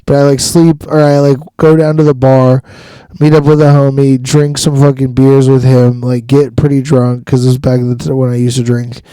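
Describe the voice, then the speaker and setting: A man's voice: mid-range voice, little pitch movement, mellow, smooth, no room sound, poor audio. A man hosting a casual podcast, telling a long story full of swearing and frequent laughter. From Washington state. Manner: profane, laughing often, drawn-out storytelling. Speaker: podcast host.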